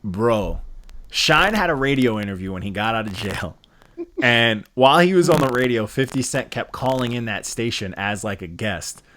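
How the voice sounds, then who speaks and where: A man co-hosting a podcast, chatting casually about rap albums, animated and laughing often, swearing freely. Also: mid-range voice, normal speed. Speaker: podcast co-host. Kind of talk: casual music review chat.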